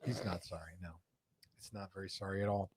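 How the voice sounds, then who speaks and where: A man's voice: low-pitched, steady tone, a little fast, a little mellow, husky, no room sound. A man hosting a live show, chatting in a casual, joking way and reading viewer comments aloud, indoors in a studio room. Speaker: host of a live cigar show. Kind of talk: casual live-stream chat.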